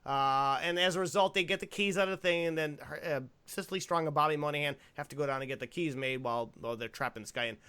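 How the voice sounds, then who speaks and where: A young man hosting a podcast, chatting casually about a movie in an animated, rambling way and laughing easily. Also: on the high side, fast, few pauses, clean tone. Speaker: podcast host.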